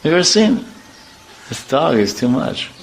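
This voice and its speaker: A man's voice: fairly high pitch, big pitch swings, a little slow, gravelly, very noisy. A man, a spiritual teacher, giving an informal devotional talk with humorous storytelling and vivid imitations.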